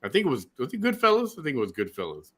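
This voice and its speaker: A man's voice: fairly high pitch, huge pitch swings, very fast, fairly bright tone. A man hosting a reaction video, with sarcastic, scoffing commentary. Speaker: host reacting to a clip.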